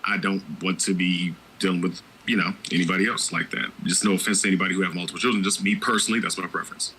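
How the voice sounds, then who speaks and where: A man's voice: deep voice, level tone, fast, pushed and bright, a little hiss or hum, poor audio. A man hosting a podcast, talking candidly and with strong opinions, with frequent restarts. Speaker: podcast host. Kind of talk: casual podcast chat.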